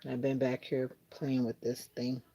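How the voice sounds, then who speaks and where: A woman's voice: a bass voice, completely flat delivery, unhurried, dry recording, muffled recording. A woman from South Florida hosting a casual livestream, chatting and reading viewer comments aloud. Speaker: livestream host. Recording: loud background hum of air conditioning and engine.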